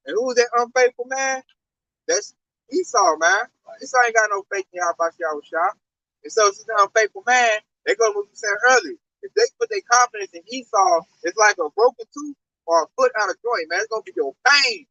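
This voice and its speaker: High, gravelly, emphatic man preaching. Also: sing-song, bright, forceful tone, no echo, far from the mic, muffled recording. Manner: emphatic, drawn-out slang-laden delivery. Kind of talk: street-corner scripture preaching.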